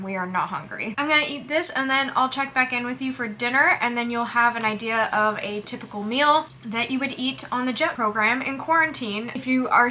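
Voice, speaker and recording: A woman's voice: fairly high pitch, pushed and bright, a little hiss or hum. A young woman chatting casually in a food vlog from a hotel room, thinking aloud as she tastes and describes her meals. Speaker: vlogger.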